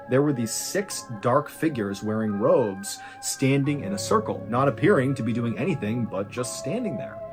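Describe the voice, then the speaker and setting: A man telling a true mystery story in a casual, conversational way, building suspense as he goes. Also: medium pitch.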